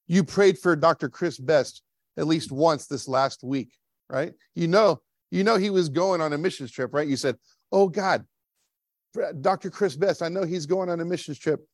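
A man's voice: on the high side, no room sound, studio quality. A man preaching a sermon in a church in a conversational way, often checking in with the congregation with "right?" and acting out quoted voices. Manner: conversational, frequent "right?" tag questions, acts out quotes. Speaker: pastor.

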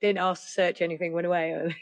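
Lively woman telling stories. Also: lowish voice, fairly quick. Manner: lively, acts out other people's voices. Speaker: podcast guest. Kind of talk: casual storytelling.

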